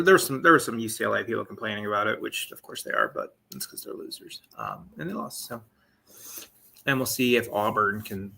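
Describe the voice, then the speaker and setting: Bright and forceful at a medium pitch, this sports podcast host in his late twenties runs a live sports talk show. His delivery rambles along, full of fillers and side comments.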